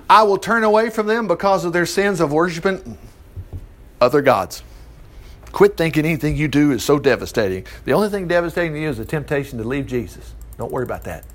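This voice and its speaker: Preacher, male, high voice, reads scripture with animated commentary. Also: fast. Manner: reads scripture aloud, breaks in with animated asides and laughs. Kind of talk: Bible teaching with commentary.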